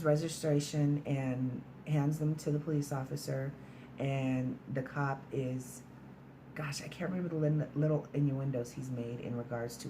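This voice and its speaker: A woman's voice: low-pitched, mellow, a little hiss or hum. Chatty woman recapping a movie. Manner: chatty storytelling with frequent "like" and mild swearing. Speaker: movie reviewer.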